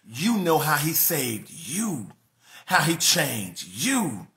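A male pastor, preaching a sermon that swings between quiet asides and shouted, laughing emphasis. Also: fairly high pitch, wildly swooping pitch, very slow.

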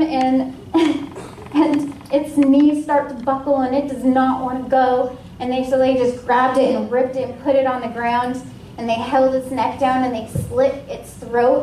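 A woman from Washington State sharing a personal testimony at a ministry meeting, in a casual, lively way with many fillers. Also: sits high, far from the mic, slight background noise. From Washington State, USA. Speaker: guest speaker at a ministry. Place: ministry meeting room with a live audience. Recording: echoey room, voice from off-mic.

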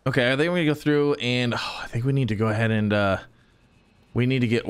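A man talks his way through a game, exclaiming and muttering to himself and his viewers. His voice rises and falls in lively swings. A faint hiss sits under the recording. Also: mid-range voice. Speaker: gaming channel host. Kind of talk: casual game commentary.

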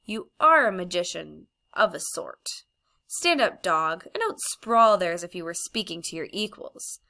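A haughty witch queen who gives orders with cold scorn, voiced by a woman reading an audiobook. The voice sits low and gravelly, with a bright edge to it. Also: expressive, unhurried, exaggerated voice. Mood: commanding. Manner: commanding, contemptuous.

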